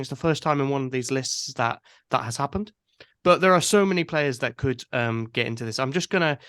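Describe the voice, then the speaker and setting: A man hosts a casual podcast in an easygoing way, working out his thoughts as he speaks. His voice sits at an ordinary middle pitch. The sound is dry and close, with no room echo. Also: a bit bright. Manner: easygoing, thinks aloud with restarts. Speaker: podcast host. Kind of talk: casual football podcast chat.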